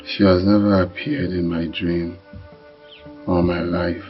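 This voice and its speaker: An actor playing a crippled husband who pleads in anguish, his voice gravelly and raspy. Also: low-pitched, flat delivery, a little slow. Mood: troubled. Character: crippled, tormented husband, adult man. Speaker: actor in a drama series. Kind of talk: dramatic film acting. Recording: dull sound with faint music.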